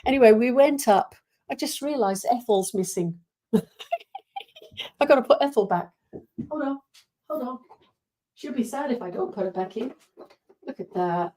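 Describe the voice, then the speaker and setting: Chatty Welsh woman with a mellow voice. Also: fairly high pitch, expressive, moderate pace, long pauses, slight background noise. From Wales. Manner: chatty and rambling, with many fillers and restarts. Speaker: host greeting live viewers. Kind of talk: casual live-stream chat.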